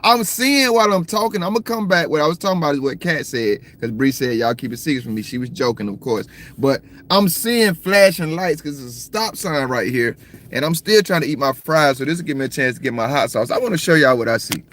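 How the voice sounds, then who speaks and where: A man from the States, rambling through a casual livestream chat, slangy and cursing freely while he shouts out viewers. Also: fairly high pitch, lively intonation, fairly quick. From Southern United States. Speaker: livestream host. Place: in a car at times.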